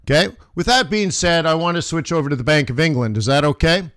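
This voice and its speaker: A man's voice: fairly high pitch, fast, a bit bright, dry recording, studio quality. A man in his forties, a forex trader hosting a live trading stream and talking viewers through the markets in a chatty, emphatic way.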